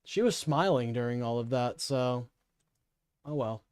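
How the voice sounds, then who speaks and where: A man streaming live, reacting to a political clip with profane, sarcastic rants that drop into low mumbling. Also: a little slow, darkish tone, clear, resonant tone, no echo, studio quality.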